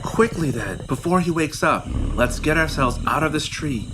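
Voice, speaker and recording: A man's voice: a little high, animated, normal speed, background noise, natural voice. A man playing an enthusiastic paleontologist who explains things to children like a teacher. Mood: explaining. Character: enthusiastic adult male paleontologist guide.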